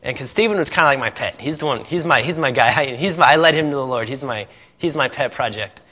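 A man preaching, telling a lively testimony story to a congregation, laughing often and acting out dialogue. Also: medium pitch, quick pace, husky. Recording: echoey hall.

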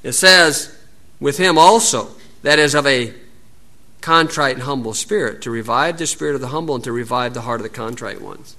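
A man's voice: medium pitch, moderate pace, sharp tone. A man with an American accent giving an informal, folksy Bible teaching outdoors, wandering into asides and rising to emphatic preaching.

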